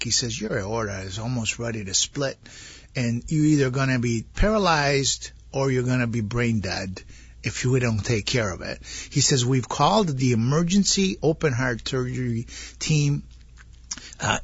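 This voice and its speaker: A man casually retelling a story, rambling and animated, acting out the dialogue he heard. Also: medium pitch, husky, no echo. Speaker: guest telling his story. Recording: dull lo-fi audio.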